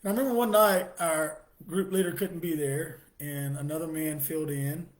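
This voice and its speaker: A middle-aged man giving a halting personal testimony, restarting his sentences and laughing softly now and then. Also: a little high, steady tone.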